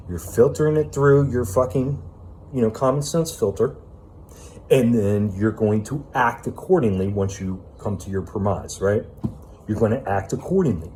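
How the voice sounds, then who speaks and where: A man's voice: medium pitch, dark tone, slight background noise. A man giving an unscripted self-help monologue, ranting with emphatic profanity and casual fillers like "man" and "you know.".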